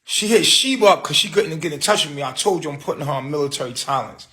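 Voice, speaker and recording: A man's voice: fairly high pitch, lively intonation, fast talker, bright, forceful tone. A man hosting a livestream, telling a story in a heated, profane rant full of street slang. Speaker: livestream host.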